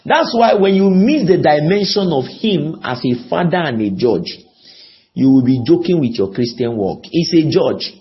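A man's voice: animated, moderate pace, dull audio. A man preaching a sermon, pleading with his listeners and often asking them questions. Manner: pleading, rises on key words then drops low; repeats and asks the audience questions.

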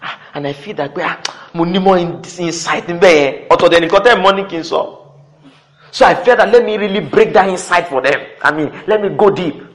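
A middle-aged man preaching a sermon, swinging between loud exclamations and quiet asides. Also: high voice, brisk, low-quality recording.

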